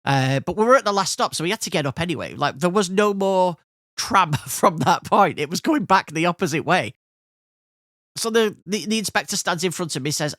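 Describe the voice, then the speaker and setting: Solo host, 30s to 40s: animated, bouncy intonation, rambling casual storytelling, dry close mic. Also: medium pitch, a little fast, no echo. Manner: chatty, rambling, frequent restarts and laughs. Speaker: podcast host.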